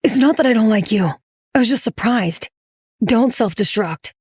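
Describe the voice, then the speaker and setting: A woman's voice: fairly high pitch, lively intonation, normal speed, a little mellow, breathy edge, dry recording, studio quality. A woman voicing a smug rich young man with a sugary, mocking tone. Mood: flustered.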